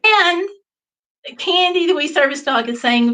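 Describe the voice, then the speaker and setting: A woman's voice: high-pitched, a little slow, low-quality recording. Chatty woman hosting a livestream. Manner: animated storytelling, reading chat comments aloud. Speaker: livestream host. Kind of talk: casual live chat.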